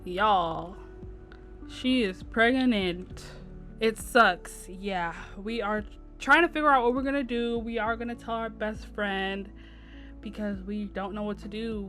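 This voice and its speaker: A woman's voice: medium pitch, fairly bright tone. A woman narrating her game playthrough in chatty, slangy commentary, talking straight to her viewers. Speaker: gameplay narrator. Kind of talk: let's play commentary. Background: game music.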